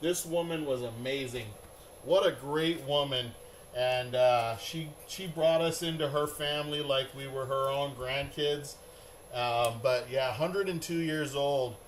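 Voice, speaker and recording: Upbeat middle-aged male host, rambling live-stream chat, unhurried delivery, faint background noise. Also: mid-range voice. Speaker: card break host.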